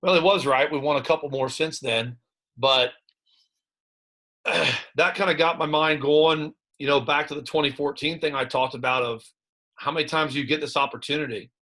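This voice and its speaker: A man in his thirties with a Midwestern American accent speaks with a bright, forward voice. He is a high school football coach looking back in an interview, halting and candid, full of restarts and fillers. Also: steady tone. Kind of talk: reflective interview talk.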